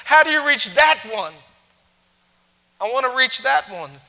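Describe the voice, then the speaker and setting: A man's voice: very high-pitched, animated, a little slow, vocal fry, pushed and bright, long reverb tail, pitched above the performer's own voice, heavily acted. A man playing an earnest male teacher who eagerly pleads with a string of questions. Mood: pleading.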